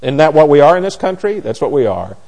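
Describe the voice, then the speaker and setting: A man preaching a sermon, animated and sarcastic, often restarting his sentences. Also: fairly high pitch, fast talker, vocal fry.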